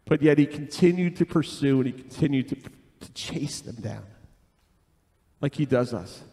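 A man's voice: medium pitch, expressive, moderate pace, vocal fry, warm tone. A man leading a church service, praying and speaking earnestly and emotionally. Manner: emotional, earnest, tearful at times. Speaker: worship leader. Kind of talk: worship singing and prayer. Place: church sanctuary. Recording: long hall reverb with music. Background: instrumental music.

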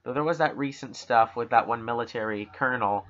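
Bright-voiced profane podcast co-host. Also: male voice, medium pitch, a little fast, highs cut off. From Canada. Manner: profane, rambling, jokey. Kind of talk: casual podcast chat.

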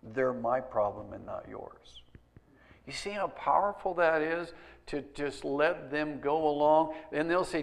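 Male pastor, slightly high voice, conversational sermon, swings from quiet to loud. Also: normal speed, creaky. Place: church sanctuary.

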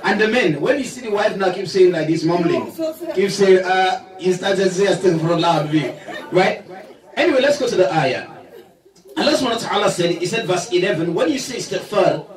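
A man's voice: sits high, expressive, brisk, a faint crowd. A male Islamic lecturer giving a religious talk in a mosque hall, jovial and laughing often as he leads the audience in repetition. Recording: echoey hall, from far off.

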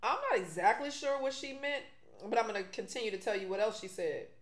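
A woman, talking to her viewers in an animated, indignant way while she eats. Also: on the high side, fast talker, echoey room. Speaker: vlogger. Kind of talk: casual mukbang commentary.

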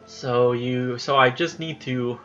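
A man's voice: mid-range voice, steady tone, slow, a bit bright, soft background music. Casual gaming host, man, rambling and swearing, slightly dull lo-fi sound. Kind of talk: casual gameplay commentary.

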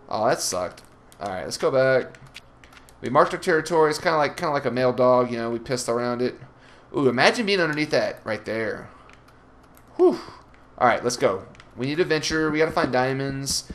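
A man's voice: medium pitch, slight background noise. A young man hosting a Let's Play, commenting as he plays, swearing and taunting the monsters. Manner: animated, swears, trash-talks the monsters. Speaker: gaming channel host.

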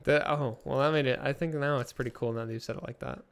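A young man streaming a game, chatting excitedly and playfully with friends and his viewers. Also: mid-range voice, quick pace, clean tone. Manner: excitable, playful, talks to chat. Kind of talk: casual gaming chat.

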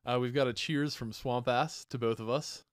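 A man's voice: medium pitch, steady tone, normal speed, no echo, studio quality. A man co-hosting a podcast, reading out listener questions and giving brief, agreeing replies. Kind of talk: casual podcast chat.

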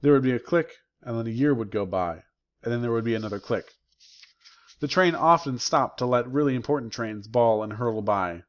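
A man, a teacher, reading a novel aloud as audiobook narration, in a measured, unhurried way. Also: mid-range voice, highs cut off.

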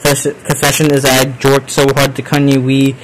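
A man's voice: mid-range voice, completely flat delivery, moderate pace, a little hiss or hum, rough recording. Young man swearing exasperatedly on stream. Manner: loud exasperated swearing, reacting with sudden yelps. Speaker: streamer host. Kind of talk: casual livestream reading viewer messages.

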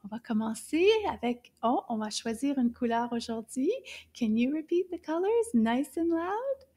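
A woman teaching children, very encouraging, gasping in delight and drawing words out slowly for them to repeat. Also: high-pitched, animated, warm tone. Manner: encouraging, gasps and drawn-out exclamations. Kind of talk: children's language lesson.

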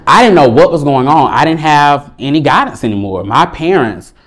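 A young man from Alabama with a Southern accent, giving a personal storytelling speech in an animated, playful way. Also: normal speed. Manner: animated and playful, swings into high excited bursts. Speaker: motivational speaker.

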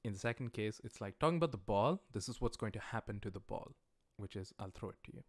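A man teaching a livestreamed language class, explaining grammar patiently and repeating example sentences slowly. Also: on the low side, expressive, dry recording, clean studio sound. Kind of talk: livestreamed lecture.

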